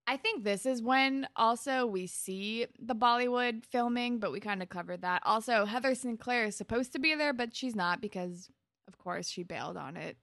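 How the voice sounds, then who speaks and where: A young woman co-hosting a casual recap chat, chatty and quick to laugh. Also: fairly high pitch, fairly bright tone, no room sound, studio quality. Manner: chatty, laughs often, lots of fillers. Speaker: podcast co-host.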